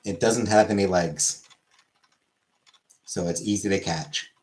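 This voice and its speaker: A man's voice: low-pitched, slow, darkish tone. A man chatting casually on a livestream, rambling and offhand, swearing now and then.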